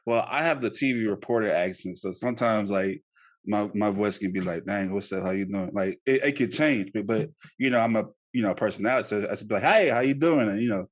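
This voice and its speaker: A man in his thirties hosts a casual podcast interview with a somewhat low voice. He talks in an animated way, laughs often, and stumbles over repeated words. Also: fairly quick. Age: 30s. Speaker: podcast host.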